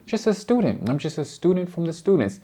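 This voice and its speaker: A man giving heated reaction commentary, addressing his target directly with blunt, slangy lecturing that swings between low muttering and loud outbursts. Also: sing-song, brisk, breathy edge. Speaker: commentator responding to a debate.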